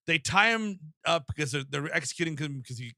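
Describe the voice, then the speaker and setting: A man co-hosting a comedy movie podcast, telling stories casually and dropping low and slow for deadpan bits. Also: dry recording, clean studio sound. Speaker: podcast co-host.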